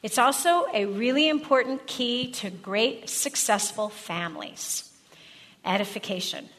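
A woman's voice: on the high side, lively intonation, unhurried, fairly bright tone, in a large hall. A woman leading a live workshop demonstration, upbeat and laughing easily as she coaches the room. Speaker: workshop presenter.

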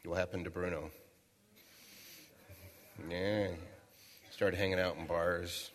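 Slow, low, and steady, a middle-aged motivational speaker delivers a keynote in a large hall whose reverb lingers. He tells a homespun story and throws rhetorical questions out to the audience.

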